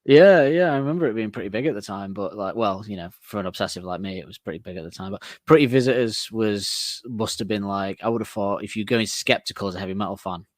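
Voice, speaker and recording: Male co-host of a music podcast, low, dry close-up sound, rambling chat with frequent laughs. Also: quick pace, hardly any pauses, no room sound. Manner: chatty and rambling, laughs often.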